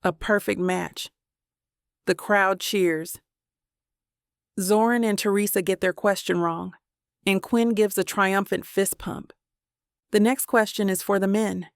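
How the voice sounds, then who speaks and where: A woman narrating a first-person romance audiobook in an intimate, steady way into a close mic. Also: medium pitch, slow, gravelly, pauses often, no echo.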